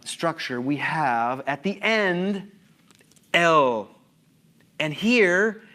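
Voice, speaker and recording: A middle-aged man lecturing at a conference, animated and full of rhetorical questions, sometimes losing his place. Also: fairly high pitch. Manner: self-interrupting, loses his place. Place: lecture hall.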